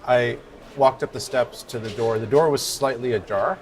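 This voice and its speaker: A man co-hosting a podcast, chatting over lunch and telling a lively story. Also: mid-range voice, normal speed. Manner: lively storyteller, acts out voices in his tale. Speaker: podcast co-host. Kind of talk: casual chat over lunch. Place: busy restaurant. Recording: restaurant crowd chatter behind.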